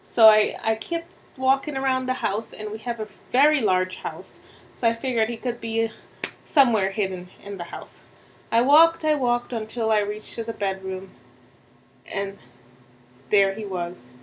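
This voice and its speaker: A woman narrates a first-person story at an unhurried, measured pace. She pauses often, with faint background noise behind her voice. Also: medium pitch, poor audio. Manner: slow and deliberate, with dramatic pauses.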